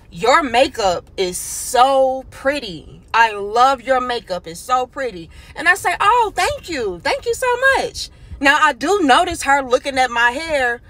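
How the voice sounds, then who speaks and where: A woman, hosting and telling a story to camera in an animated, casual way. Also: fairly high pitch. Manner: animated, acts out other people's voices in quotes. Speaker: commentary host.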